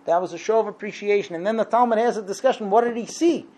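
A man in his thirties telling a religious story in a casual, lively way, acting out the voices of the people in it. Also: sits high, fast talker. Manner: lively, acts out quoted voices. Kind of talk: storytelling talk.

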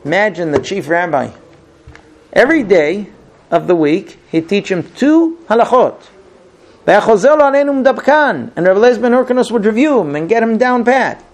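A man's voice: sits high, animated, a little slow. A middle-aged man giving a Torah class, telling stories emphatically with frequent restarts. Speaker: Torah teacher.

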